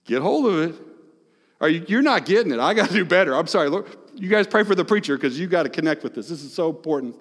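A man's voice: on the high side, animated, normal speed, long pauses. Emphatic male preacher in echoing hall. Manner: swings between hushed, soft phrases and loud, emphatic ones. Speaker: pastor. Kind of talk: sermon. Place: large church hall. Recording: long echoing hall reverb.

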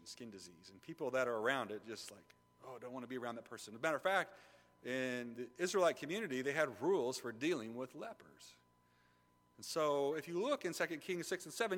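A middle-aged male pastor preaching with animated force, rising to loud emphasis and dropping to hushed asides. His voice is bright and fairly high for a man. It rings out with the long reverb of a large hall. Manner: asks the congregation questions. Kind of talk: sermon.

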